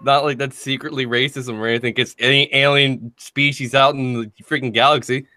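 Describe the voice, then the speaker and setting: Bright-voiced man chatting loosely. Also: medium pitch, little pitch movement, fairly quick, no room sound, clean studio sound. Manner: rambling, laughing, loose. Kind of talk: casual chat among friends.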